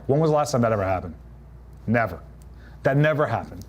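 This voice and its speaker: A man's voice: mid-range voice, expressive, fast talker, long pauses. A man coaching real estate agents in a live talk, punchy and direct, acting out what clients say. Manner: punchy, acts out quoted clients in changed voices. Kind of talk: live motivational business talk.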